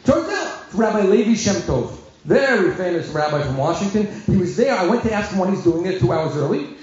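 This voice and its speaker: Male rabbi storyteller, high and lively; comic timing, booming hall echo. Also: brisk. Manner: animated, self-mocking, comic timing. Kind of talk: comic storytelling talk to an audience. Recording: echoey hall, dull sound.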